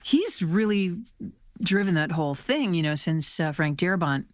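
A woman's voice: fairly low pitch, lively intonation, moderate pace, dry recording, studio quality. A woman hosting an interview, asking chatty, curious questions. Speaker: host. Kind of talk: casual interview.

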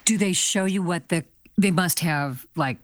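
Woman host, lowish voice, curious, chatty, dry sound. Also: unhurried, dry recording. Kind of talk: casual interview.

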